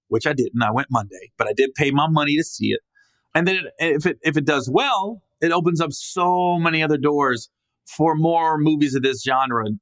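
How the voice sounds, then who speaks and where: His voice a little high and somewhat bright, a man hosts a casual solo podcast with no echo in the recording. He meanders, cracks self-deprecating jokes, and repeatedly breaks off sentences to fix or restart them.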